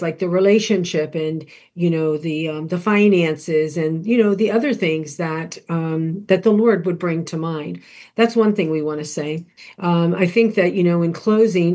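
A woman's voice: lowish voice, mellow. A woman co-hosting a Christian podcast, speaking earnestly and directly to the listener about faith. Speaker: podcast co-host. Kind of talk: Christian podcast devotional talk.

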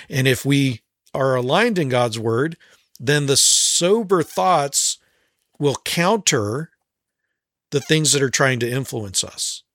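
A man co-hosting a Christian podcast, sharing a reflection in a measured way with pauses and fillers. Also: mid-range voice, fairly bright tone, no room sound, clean studio sound. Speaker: podcast co-host.

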